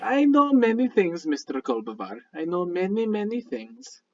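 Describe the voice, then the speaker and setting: A man voicing a mysterious, flattering male wizard who speaks in a silky, teasing way. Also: high voice, moderate pace, full character voice. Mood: smug. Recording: dull lo-fi sound.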